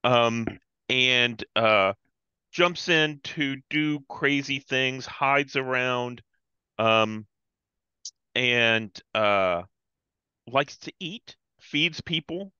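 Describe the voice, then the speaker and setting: Bright, crisp man on dull call audio. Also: medium pitch, drawn-out words, dry recording. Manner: hesitant, many ums and uhs. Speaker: player. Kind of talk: casual character introduction.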